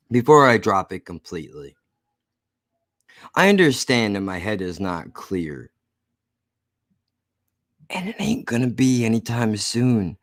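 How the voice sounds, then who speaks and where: A man's voice: mid-range voice, no echo, clean studio sound. A man hosting his own podcast, ranting casually with slurred speech and lots of swearing. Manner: slurred, profane, rambling. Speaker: podcast host. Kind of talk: casual rant to listeners.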